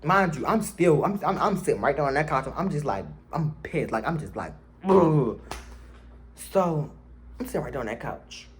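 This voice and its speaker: Man vlogger, storytime, really lively pitch swings, slangy, yelps up high quoting himself, slight hiss behind. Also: a little fast. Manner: animated, slangy, swings to shrill yelling when quoting himself. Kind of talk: casual storytime vlog.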